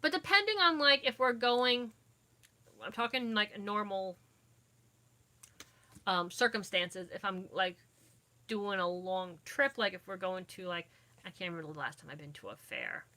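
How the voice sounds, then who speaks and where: Bright, chatty young woman vlogging. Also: mid-range voice, measured pace, long pauses. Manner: rambling, chatty, loses her train of thought. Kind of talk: casual live chat with viewers. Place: inside a dim home.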